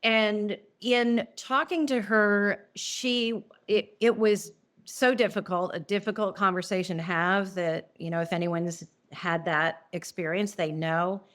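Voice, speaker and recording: A middle-aged woman, an interview guest telling a personal story, earnest and emotional, halting and restarting often. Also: mid-range voice, fairly even intonation, fairly bright tone. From New Orleans.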